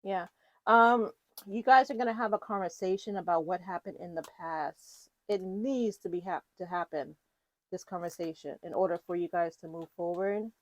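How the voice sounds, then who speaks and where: Woman tarot reader, casual and rambling, on the lower side, dry recording. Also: moderate pace, dry recording. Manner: chatty, rambling, with fillers and self-corrections. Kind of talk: casual tarot reading to viewers.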